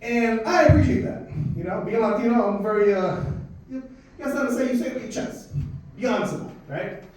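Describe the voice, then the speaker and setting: A high-voiced man of Dominican heritage performs stand-up, spinning an animated, profane story and talking to the crowd. He sounds far from the mic, with the club's echo ringing around him. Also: fast talker. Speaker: stand-up comedian. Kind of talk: stand-up comedy set. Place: comedy club stage. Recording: echoey club from a distance.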